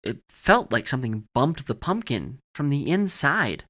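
A man's voice: mid-range voice, big pitch swings, a little slow, bright, forceful tone, pitched above the performer's own voice, heavily acted. A man voicing a timid teenage boy who speaks in a hesitant, earnest way.

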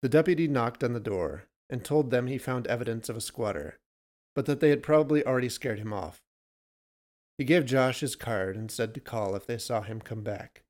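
A man reads a short story aloud at a steady, measured pace. His voice sits at an ordinary middle pitch. He delivers the storytelling plainly. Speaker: narrator.

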